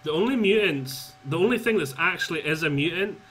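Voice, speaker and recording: A man's voice: a little high, lively intonation, fairly quick, a bit bright, soft background music. A man hosting a casual co-op game session, easygoing and chatty about game lore. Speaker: gamer, channel host. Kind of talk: casual co-op gaming chat.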